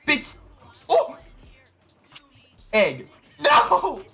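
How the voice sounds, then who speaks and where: A man streaming a video game, chatting casually, swearing, laughing and yelling in bursts. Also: very high-pitched, huge pitch swings, very slow, creaky, faint music behind. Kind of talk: casual gaming banter.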